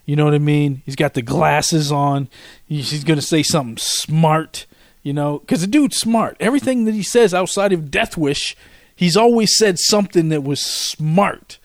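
Guy rambling thru a story on his podcast, kinda high voice, dead dry sound. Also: normal speed, dry recording. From Washington, D.C. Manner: rambling, repeats himself, animated storyteller. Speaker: podcast host. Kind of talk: casual solo storytelling.

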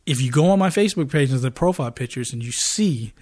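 A middle-aged man co-hosting a podcast in casual chat, a rambling storyteller who gets animated and laughs often. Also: mid-range voice, fast talker. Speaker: podcast co-host.

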